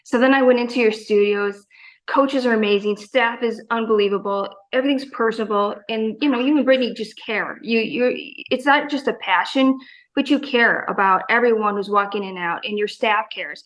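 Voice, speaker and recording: A woman's voice: on the high side, fairly bright tone, low-quality recording. A woman in her forties, a gym member talking in a casual interview, enthusiastic and rambling, full of fillers and quoted asides.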